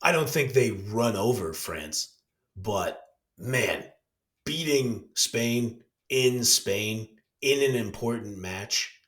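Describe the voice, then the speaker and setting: A man co-hosting a casual soccer podcast, relaxed and laid-back, swearing now and then. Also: fairly low pitch, slow. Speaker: podcast co-host. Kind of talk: casual sports chat. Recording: roomy echo.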